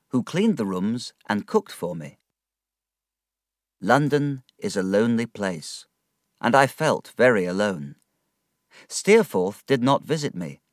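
A man narrating an audiobook story in a slow, measured, expressive reading. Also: mid-range voice, dry recording, studio quality.

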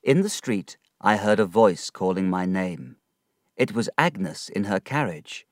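A man reading a story aloud in a measured, expressive narration. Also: fairly low pitch, no echo, clean studio sound.

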